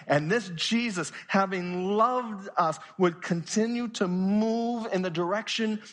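Earnest pastor with a high voice. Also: male voice, slow. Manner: earnest, questioning, often drops to a quiet, intense tone. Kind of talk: sermon. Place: church.

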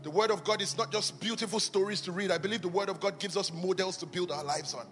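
Male preacher, sharp bright high voice, impassioned sing-song sermon, reverberant hall, faint music behind. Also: fast talker. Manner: impassioned, often shouting and sing-song cadence. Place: church auditorium.

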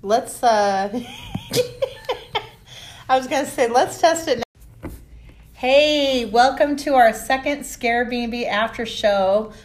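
A woman's voice: fairly high pitch, slow, long pauses. A woman co-hosting a casual after-show chat in a loft office, playful and giggly in her banter. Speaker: co-host.

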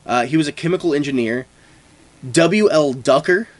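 Casting: higher-voiced man, playful podcast co-host reading from notes. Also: expressive, normal speed. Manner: jokey, playfully acts out imagined dialogue. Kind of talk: casual chat, reading from notes.

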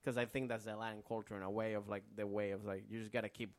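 A man from Venezuela, a comedian guest on a podcast, talking casually with many restarts and "like"s, sometimes acting out relatives in a higher voice. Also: level tone, fast, dry recording. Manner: rambling, full of restarts and "like"; acts out relatives' lines in a higher voice.

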